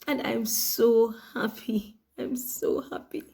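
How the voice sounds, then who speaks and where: A woman's voice: a little high, level tone, slow pace, gravelly. A woman playing a gushing, teary Nigerian bride-to-be. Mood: emotional. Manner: gushing, breathless, close to tears. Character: newly engaged young woman, gushing and emotional. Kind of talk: comedy skit acting.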